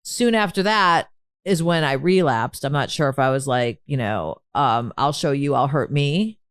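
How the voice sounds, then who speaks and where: A woman's voice: a bass voice, lively intonation, normal speed, smooth, dry recording, studio quality. A woman hosting a podcast, chatting casually with a guest in a chatty, self-deprecating way and hedging her words. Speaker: podcast host. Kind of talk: casual interview chat.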